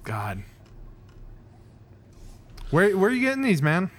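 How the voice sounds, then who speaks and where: A man's voice: high-pitched, huge pitch swings, slow, a bit bright. A man co-hosting a podcast, hesitant and dry in casual chat. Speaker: podcast co-host.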